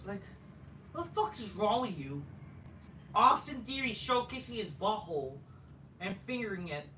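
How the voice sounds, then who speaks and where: A man's voice: high voice, big pitch swings, moderate pace, long pauses, sharp tone, a little hiss or hum. A man ranting as he reviews a wrestling show, profane and rambling with many fillers. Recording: echoey room, distant mic.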